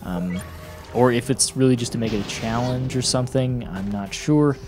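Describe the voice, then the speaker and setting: A man's voice: medium pitch, moderate pace. A young man giving casual gameplay commentary, rambling, blunt and mocking, laughing often. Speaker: gaming commentator. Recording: music playing behind voice.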